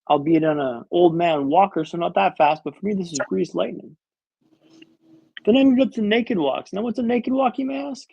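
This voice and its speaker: A man's voice: high voice, vocal fry, a little mellow, slightly rough, no room sound, poor audio. A man in his thirties telling a story as a podcast guest, dramatic and wry with comic timing. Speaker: guest speaker.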